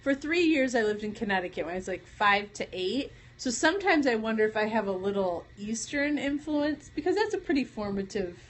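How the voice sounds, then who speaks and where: Woman, Michigan accent, slightly high voice, rambling and giggly live-stream host. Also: lively intonation, brisk, hardly any pauses. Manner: rambling, chatty, laughs often. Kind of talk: casual live-stream chat.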